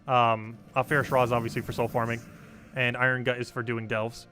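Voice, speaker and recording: A young man streams a game and talks straight to his chat, explaining tactics in a loose, meandering way full of fillers. His voice is bright and forward, and he rattles along at a brisk clip. Soft music plays underneath. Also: mid-range voice, level tone. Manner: rambling, explains game strategy with many fillers. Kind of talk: casual live-stream commentary.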